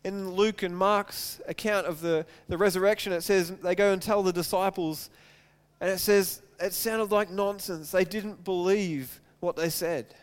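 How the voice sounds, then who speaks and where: A pastor with a high, clear and resonant voice preaches a sermon, unhurried and with fairly even intonation. He reads scripture aloud and retells the story, then presses his listeners with repeated rhetorical questions.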